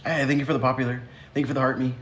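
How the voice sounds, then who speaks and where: A man's voice: mid-range voice, level tone, rapid-fire, fairly bright tone, slight background noise. A man hosting a casual livestream who answers viewer comments in a sassy, teasing way and laughs often. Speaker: livestream host.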